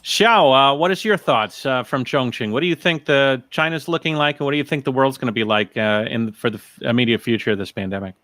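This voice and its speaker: A man's voice: medium pitch, a little fast, few pauses, a bit bright, no room sound. Hesitant man hosting a panel. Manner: hesitant, with many fillers. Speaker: livestream host. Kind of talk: casual panel discussion. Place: China.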